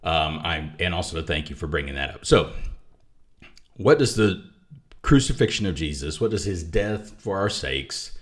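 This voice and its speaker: Here a deep-voiced man, an author and guest, discusses his book in a relaxed conversation about theology. He sounds animated and keeps a moderate pace, thinking aloud with restarts and side remarks.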